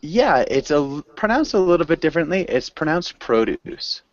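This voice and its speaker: A man's voice: on the high side, expressive, a little fast, dry recording, highs cut off. A man teaching an English class, patient and encouraging as he explains pronunciation. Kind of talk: online group language lesson.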